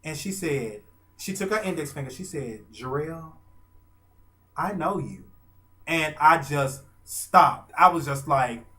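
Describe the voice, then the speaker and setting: A man, telling a story in a casual, gushing way with dramatic pauses. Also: fairly high pitch, animated, bright, forceful tone. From Arkansas. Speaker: vlogger and fan.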